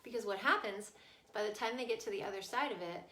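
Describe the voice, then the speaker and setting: A woman's voice: medium pitch, fast talker, a bit bright, slight background noise. A woman parenting coach explaining, earnestly and casually, how to stay with a child through a tantrum. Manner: earnest, explaining, checks in with "right?". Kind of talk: casual teaching talk. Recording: echoey room.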